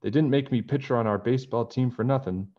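A man voicing a bold, sporty young tomboy girl in a storybook read-aloud, shouting high and loud. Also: fast, highs cut off, natural voice.

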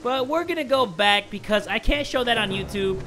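A young man hosting video game commentary, excitable and joking, with loud outbursts. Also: high-pitched, normal speed, vocal fry. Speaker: gaming channel host.

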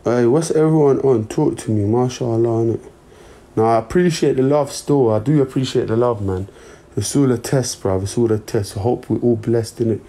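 Mellow-voiced young man streaming. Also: medium pitch, moderate pace. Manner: laid-back, slangy, talks to his chat. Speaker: livestreamer. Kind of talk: casual livestream chat.

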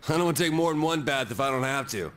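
A man's voice: mid-range voice, animated, very fast, a bit bright, lightly acted. A man voicing a blunt tough teenage boy. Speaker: game character. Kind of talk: English game dub.

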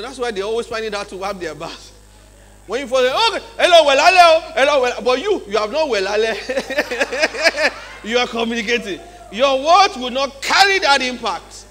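A man with a Nigerian English accent giving a lively leadership seminar talk in a large church hall, often checking in with his audience. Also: sits high. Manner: acts out examples in changed voices. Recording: long hall reverb, faint mains hum.

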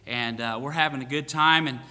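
A man's voice: mid-range voice, brisk, bright, forceful tone. A man preaching as a pastor, telling a story with self-mocking jokes and many fillers and restarts. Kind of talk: storytelling from the pulpit. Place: church sanctuary. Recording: long church reverb.

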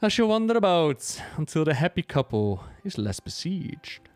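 A man's voice: fairly high pitch, sing-song, normal speed, dry recording, soft background music. A man voicing a proud, airy dragon lord in disguise. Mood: aloof. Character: proud male dragon in mortal guise, airy.

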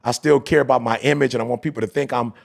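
Gravelly man telling a story. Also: medium pitch, racing. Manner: storytelling, animated, slangy, quotes others. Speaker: podcast host. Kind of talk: casual podcast chat.

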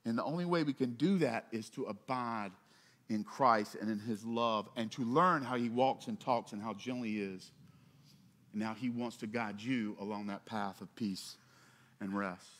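A pastor delivering a sermon in a conversational way, with asides, swelling for emphasis and dropping soft on key points. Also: male voice. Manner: conversational preaching with asides and quick jokes; rises in pitch and volume for emphasis, drops low and soft on closing points.

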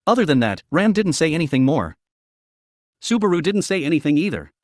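A man narrating a novel as an audiobook in an expressive storytelling manner. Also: a little high, fairly quick, no echo, clean studio sound.

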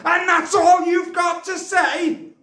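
A man voicing a furious, betrayed older grandfather who shouts in outraged disbelief. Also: flat delivery, slow pace, roomy sound, exaggerated voice. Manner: shouting in disbelief, high strained voice.

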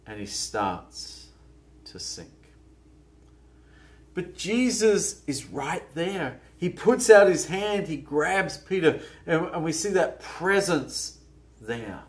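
Slow, lively-pitched male preacher. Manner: conversational, musing, with many restarts. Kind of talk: sermon. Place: church.

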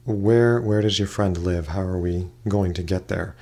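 A man voicing a stressed but polite young woman who keeps pressing for answers, hesitant and shaken, in a lowish voice. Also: unhurried, darkish tone. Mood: flustered.

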